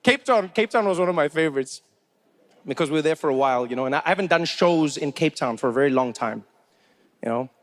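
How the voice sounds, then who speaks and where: A man's voice: fairly high pitch, animated, fast. A South African man doing stand-up, telling a story in a chatty, conversational way with many asides, on a comedy club stage into a handheld mic.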